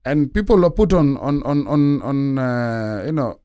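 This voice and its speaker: A man's voice: mid-range voice, expressive, a little slow, dark tone, smooth, no room sound. A man hosting a podcast studio conversation, earnest and reflective, with stammered restarts and bursts of playful teasing. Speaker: podcast host. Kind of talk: casual conversation.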